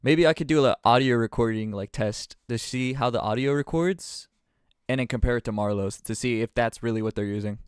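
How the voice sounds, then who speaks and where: A man's voice: mid-range voice, fairly quick, smooth, no echo, clean studio sound. A young man streaming live, reacting casually in slang and calling everyone bro, now and then swearing. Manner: slangy, says bro constantly, swears, excitable.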